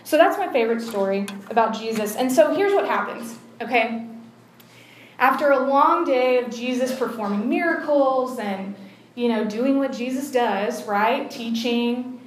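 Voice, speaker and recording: A young woman retelling a Bible story in a casual, animated sermon. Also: on the high side, measured pace, a little hiss or hum. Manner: chatty, animated, acts out the story's voices. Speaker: preacher. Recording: echoey room, faint ambience.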